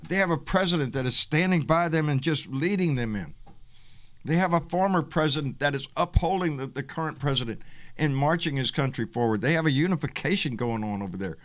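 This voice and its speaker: A man's voice: a little high, expressive, a little fast. A man in his sixties from Texas hosting a casual political livestream, blunt and profane, often calling people baby. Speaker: livestream talk show host.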